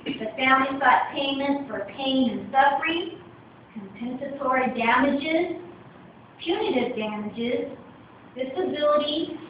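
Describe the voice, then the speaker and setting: A woman giving a wry, expressive storybook reading at a club meeting, recorded on a distant phone camera. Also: sits high, unhurried, a little hiss or hum. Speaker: speech contest reader. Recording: echoey room from far, dull lo-fi.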